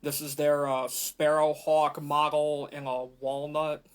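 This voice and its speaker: Slow, level-voiced man explaining flutes. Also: fairly high pitch, little pitch movement, smooth. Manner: unhurried, explanatory, with frequent fillers. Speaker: flute player. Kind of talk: explaining instruments at a live performance. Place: community library event. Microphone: camera mic in the room.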